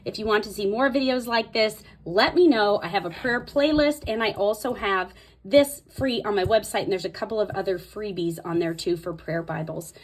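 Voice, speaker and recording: At a moderate pace and medium pitch, a woman Bible study video host talks chattily through a tutorial on tabbing a Bible, thinking out loud while she marks its pages.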